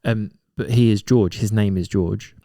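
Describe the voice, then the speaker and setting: A man with a low, mellow voice eagerly shares film trivia as a podcast co-host. The recording is dry and close, with no room sound. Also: fairly even intonation, normal speed, dry recording. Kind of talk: casual chat.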